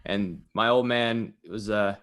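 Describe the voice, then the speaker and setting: A man's voice: lowish voice, slow pace, fairly bright tone. A male Canadian radio host chatting with a guest, earnest and enthusiastic, often turning to speak to the listeners. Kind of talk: radio interview chat. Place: radio studio.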